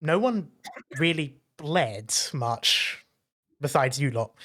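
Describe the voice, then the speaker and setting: A man's voice: fairly high pitch, lively intonation, slow, pushed and bright. A man running a tabletop game as dungeon master, describing the scene at an easy pace with many fillers.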